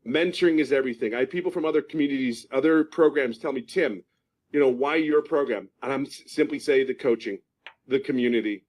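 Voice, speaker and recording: A man's voice: medium pitch, brisk, a little mellow. Emphatic middle-aged man giving a testimonial. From California. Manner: emphatic, repeats himself for stress. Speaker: program member giving a testimonial. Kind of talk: passionate spoken testimonial.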